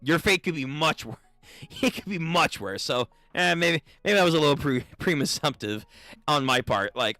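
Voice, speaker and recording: A man gives casual reaction commentary while reading manga, his voice slightly high and bright, swinging widely in pitch. He talks at a slow, easy pace, swears freely and stumbles into restarts. The sound is dry and close, with faint music underneath. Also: dry recording. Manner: animated, profane, stammering restarts.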